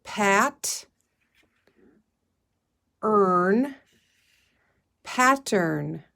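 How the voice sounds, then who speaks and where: A woman teacher leading a phonics lesson, slowly sounding out word parts and encouraging her young listeners. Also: mid-range voice, expressive, gravelly, pushed and bright. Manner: encouraging, calls listeners "friends". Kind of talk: guided reading phonics lesson.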